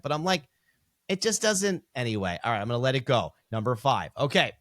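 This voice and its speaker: A man's voice: fairly high pitch, fast, dry recording, studio quality. Profane, ranting male podcast co-host. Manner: blunt, profane, animated ranting. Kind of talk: casual chat.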